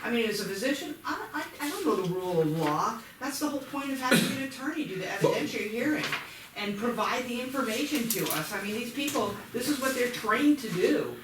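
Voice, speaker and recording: A man's voice: extremely high pitch, expressive, quick pace, crowd noise. A man on a school board, earnestly arguing his point in a meeting. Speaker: board member. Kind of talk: meeting discussion. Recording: echoey room from far off with background noise.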